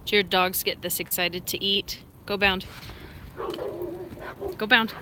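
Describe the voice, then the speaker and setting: A woman hosting a casual live stream, talking to viewers, laughing often and giving short, firm commands to her excited dog. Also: mid-range voice, slow pace, background noise. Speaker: live-stream host training and feeding her service dog.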